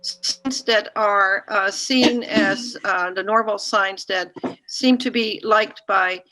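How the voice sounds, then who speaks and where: A woman chairing a town commission meeting, speaking in halting starts with many restarts. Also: medium pitch, steady tone, sharp tone, poor audio. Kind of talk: casual meeting discussion.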